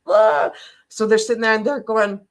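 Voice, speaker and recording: An older woman hosting a live motivational talk, telling stories in an animated, emotional way and laughing often. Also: on the high side, moderate pace. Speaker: host.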